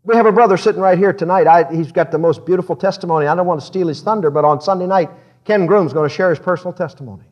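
A man's voice: high voice, racing, dull audio. A man preaching a sermon in a church service, talking frank and conversational, breaking into laughter as he speaks.

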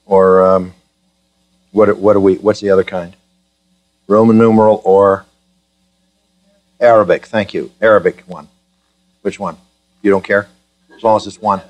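A man's voice: fairly low pitch, darkish tone. A man preaching a sermon to his congregation, joking with them in a chatty way and then building to fervent, emphatic preaching. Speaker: pastor.

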